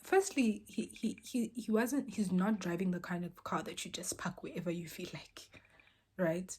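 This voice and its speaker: A young woman tells a personal story casually, dropping to near-whispers and then bursting out loudly as she acts out what people said. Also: on the low side, moderate pace, a little hiss or hum. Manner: animated, swings between soft near-whispers and loud exclaimed quotes.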